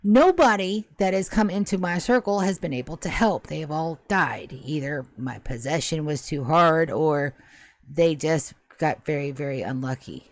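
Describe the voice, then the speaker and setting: In a low, pushed-down voice close to her everyday one, a woman speaks at a moderate pace while role-playing at a tabletop game. She plays a restless, centuries-old ghost who is stuck and anxious, stammering and rambling in a flustered plea for help.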